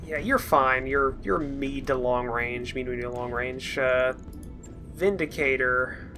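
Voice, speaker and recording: A man hosting a let's play, thinking aloud in relaxed, chatty gameplay commentary. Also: mid-range voice, takes it slowly, soft background music.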